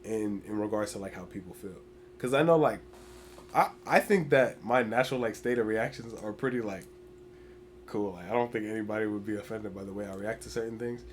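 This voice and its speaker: Fast-talking young man, animated chat. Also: lowish voice, slight background noise. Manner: animated storyteller, heavy "like" filler. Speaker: podcast guest. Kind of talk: casual chat.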